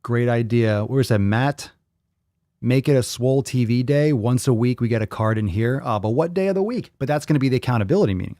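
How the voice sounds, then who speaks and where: Male podcast host, casual livestream chat, rambling and swearing, mid-pitched voice, dry close mic. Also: brisk, no echo. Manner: rambling, profane, thinking out loud.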